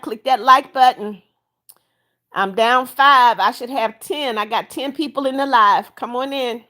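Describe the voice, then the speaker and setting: A woman's voice: on the high side, a bit bright. A woman hosting a casual live stream from home, reading viewer comments aloud, greeting each viewer by name and coaxing them to like and subscribe. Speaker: livestream host.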